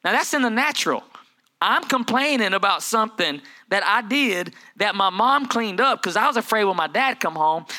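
A man preaching a sermon in a high, bright voice. He tells stories and slips into family voices. He drops to quiet asides, then rises into loud, building preaching. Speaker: pastor.

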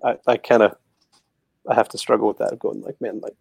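A man appearing as a guest author on a video call, easygoing and quick to laugh. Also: lowish voice, level tone, gravelly, a little mellow, slightly rough, no room sound. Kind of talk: casual interview chat.

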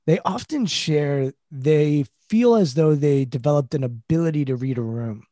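A man hosting a podcast, with a voice a little above the usual male pitch. He asks thoughtful, measured questions. The recording is dry, with almost no room sound. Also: warm tone, no echo. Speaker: podcast host. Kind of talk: podcast interview.

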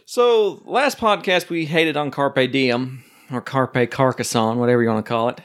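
A man in the host's chair of a casual podcast, mid-pitched and easygoing. He drifts into long, teasing anecdotes and keeps the banter running. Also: moderate pace. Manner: joking, rambling storyteller. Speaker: podcast host. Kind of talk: casual chat.

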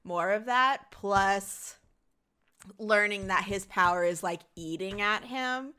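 A woman co-hosting a manga podcast, with a bright, clear voice. She chats easily, full of fillers, and keeps the conversation moving. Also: medium pitch, slow pace. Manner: chatty, uses many fillers. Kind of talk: casual chat.

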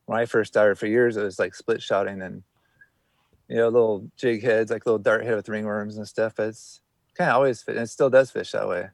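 A man's voice: fairly low pitch, fairly even intonation, brisk, creaky, no echo. A man chatting casually as a guest, rambling and often trailing off and restarting. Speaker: guest angler. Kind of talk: casual podcast chat.

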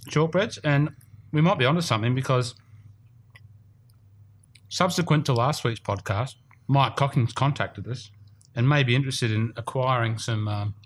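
A man's voice: medium pitch, a little hiss or hum. A man with an Australian accent hosting a golf podcast in casual, rambling chat, a bit self-deprecating. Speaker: podcast host. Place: studio room.

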